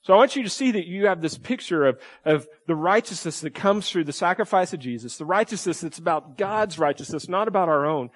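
A middle-aged pastor delivers a sermon in a loose, conversational way, often pausing to check in with his listeners. His voice sits a little higher than most men's. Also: expressive. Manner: conversational preaching with frequent "right?" asides.

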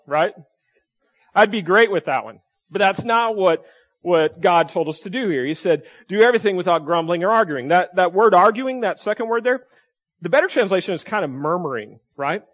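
A man preaching a sermon in a conversational way, often asking the congregation questions. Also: fairly high pitch. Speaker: pastor.

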